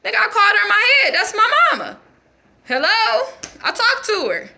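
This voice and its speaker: A woman's voice: sits high, expressive, fairly quick, sharp tone, full character voice. A woman playing a defiant young foster girl in a character monologue, ranting in a confrontational, rambling, profane way.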